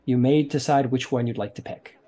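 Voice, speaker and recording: A man's voice: medium pitch, steady tone, a little fast, dark tone, a little hiss or hum. Casual, rambling man running a tabletop game. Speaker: game master.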